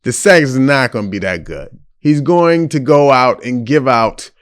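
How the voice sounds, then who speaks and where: A man's voice: mid-range voice, measured pace, smooth. A man hosting a casual advice podcast, frank and blunt as he answers a listener's letter. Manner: blunt, frank, lively delivery. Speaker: podcast host giving advice.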